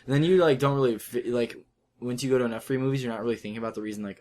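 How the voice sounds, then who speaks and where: A man's voice: medium pitch, fairly even intonation, rapid-fire, darkish tone. A man co-hosting a casual podcast chat, talking in a loose, rambling way and laughing often. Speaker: podcast co-host.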